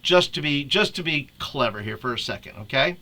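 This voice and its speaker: Casual youth-ministry leader, man, bright tone, chatty and quick to laugh. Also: medium pitch, animated. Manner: chatty, laughs often, restarts a lot. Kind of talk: casual screen-share tutorial.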